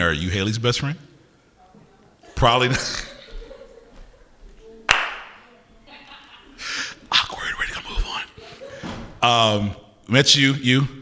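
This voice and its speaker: A man's voice: mid-range voice, sharp tone. A man, a poet performing live, bantering playfully with his audience between pieces, teasing them and asking their names. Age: older adult. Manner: teasing, quick-witted, asks audience names. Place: university concert venue with audience. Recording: live hall recording with long reverb.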